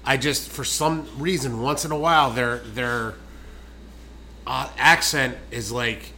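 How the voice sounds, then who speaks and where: A man's voice: mid-range voice, fairly even intonation, slow pace, bright, forceful tone, slight background noise. A man co-hosting a podcast in casual chat, cracking jokes and quoting movies. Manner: joking, quotes movies, interrupts. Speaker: podcast co-host.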